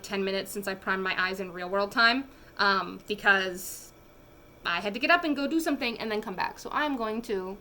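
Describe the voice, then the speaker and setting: A woman's voice: fairly high pitch, sharp tone, slight background noise. A young woman chatting casually to a phone camera at home as she does her makeup, rambling, with lots of fillers. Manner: coos in baby talk to her pet. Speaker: beauty vlogger. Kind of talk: casual chat while doing makeup. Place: home room.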